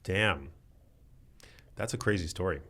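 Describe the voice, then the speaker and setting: Male podcast host, very low voice, relaxed, short reactions. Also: a little slow. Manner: relaxed, with brief reactions and casual questions. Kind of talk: interview conversation.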